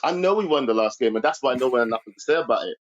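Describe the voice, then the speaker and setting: A man calling into a football talk stream, upbeat, animated and playful. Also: mid-range voice, rapid-fire, lo-fi sound. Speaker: caller. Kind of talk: live-stream call-in football chat.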